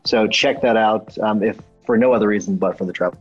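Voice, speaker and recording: A man co-hosting a podcast, chatting in a relaxed, joking way. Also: lowish voice, fairly quick, breathy edge, muffled recording, soft background music. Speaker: podcast co-host. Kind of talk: casual podcast chat.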